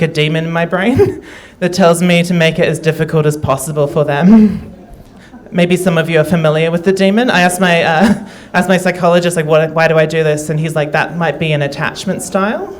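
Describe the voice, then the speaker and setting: Halting, self-deprecating stand-up woman. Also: on the low side, steady tone. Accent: Australian. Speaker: stand-up comedian. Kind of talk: stand-up comedy set.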